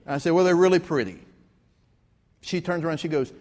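A man's voice: high voice, quick pace, long pauses, long reverb tail. A man, preaching a sermon as pastor, telling stories with rising emphasis. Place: church sanctuary.

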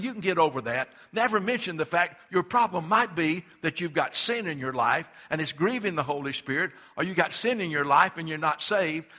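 This is an older male pastor giving a fervent sermon in a bright, somewhat high voice. He stammers when he restarts and leans heavily into the words he means to drive home.

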